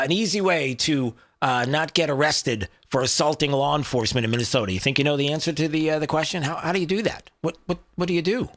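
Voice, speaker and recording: A man's voice: on the high side, fairly bright tone. An American man hosting a political talk radio show, sarcastic and rambling with many fillers.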